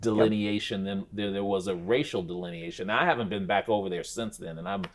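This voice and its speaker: A man in his fifties, an interview guest, telling his stories in a thoughtful conversational way, with frequent restarts and bursts of speed when he gets animated. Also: lowish voice, fast. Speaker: interview guest, former basketball player. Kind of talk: reflective conversational storytelling.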